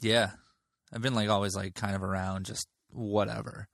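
A man's voice: fairly low pitch, level tone, normal speed, vocal fry, fairly bright tone, no room sound, studio quality. A man in his thirties, a comedian guest chatting casually, laid-back and rambling, laughing easily. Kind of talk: casual chat.

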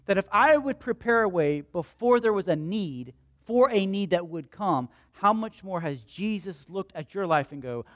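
A male pastor preaching in a notably high voice, recorded close and dry with no room echo. He repeats his lines for emphasis and poses questions that he answers himself. He moves between loud emphatic peaks and quiet storytelling. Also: animated, normal speed, few pauses. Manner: asks the congregation questions and answers them himself. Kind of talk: sermon.

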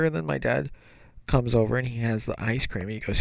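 A man's voice: mid-range voice, a little fast, vocal fry, dry recording. A man casually telling a childhood story, rambling and correcting himself as he goes. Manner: rambling, self-correcting, animated.

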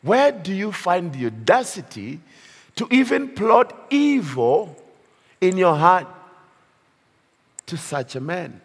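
Male preacher, slightly high voice, unhurried sermon with reverb from a big hall. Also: husky. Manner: slow, lively preaching with laughs and rhetorical questions.

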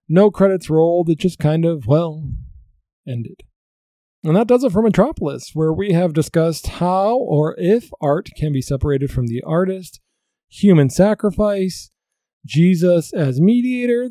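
A man hosting a solo podcast, retelling a film plot with fillers and restarts, his pitch jumping up when he quotes the characters. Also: dark tone, no echo, clean studio sound. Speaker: podcast host. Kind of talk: solo podcast movie recap.

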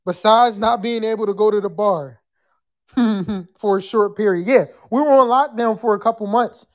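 A podcast host chatting live with callers and the chat, loud and profane, sometimes breaking into screams. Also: mid-range voice, normal speed.

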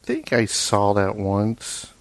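A man's voice: on the low side, fairly even intonation, takes it slowly, no room sound. A man co-hosting a casual chat who adds dry, teasing remarks. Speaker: co-host.

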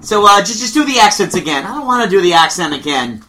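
A man with a high, very animated voice hosting a podcast. He sounds sardonic and opinionated, with a bright, forceful tone. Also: fast. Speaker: podcast host. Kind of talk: casual chat, reading listener opinions.

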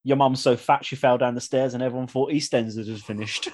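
Speaking fast in a medium pitch, this podcast host works through listener submissions on his laid-back show. He's lively throughout and keeps breaking into laughter mid-line.

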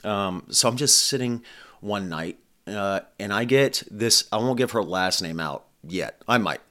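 A man's voice: lowish voice, expressive, measured pace, bright, forceful tone. A man hosting his own podcast, talking in a blunt, profane, rambling casual monologue. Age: adult. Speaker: podcast host.

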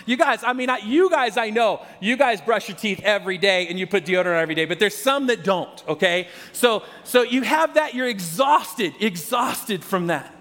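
A man preaches to his congregation in a high, light voice that rings out with a long reverb through a big church space. His delivery is loose and conversational. He restarts phrases and talks straight to the people in front of him. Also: lively intonation, moderate pace, few pauses, a bit bright. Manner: conversational, repeats words, addresses the congregation directly. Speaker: pastor. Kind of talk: sermon.

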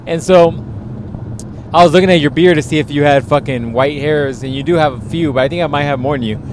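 A man in his thirties hosting a podcast, telling crude stories in a loud, profane, animated way. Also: a little high, fast talker, background noise. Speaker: podcast host. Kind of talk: crude casual banter.

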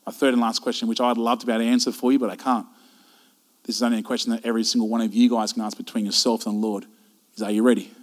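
A man's voice: medium pitch, level tone, racing. A man preaching a sermon to a church, impassioned, repeating rhetorical questions. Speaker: pastor. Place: church service.

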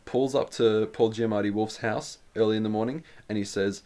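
A man's voice: lowish voice, steady tone, moderate pace, dark tone. A man, co-hosting a podcast and retelling a film in a loose, rambling way. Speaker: podcast co-host. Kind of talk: casual chat recapping a film.

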